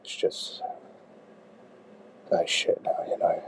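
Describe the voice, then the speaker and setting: A man doing comic voicemail monologues. He swears a lot and swings from shouting to hushed sighs. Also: slow, a little hiss or hum, low-quality recording. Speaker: comedy podcaster.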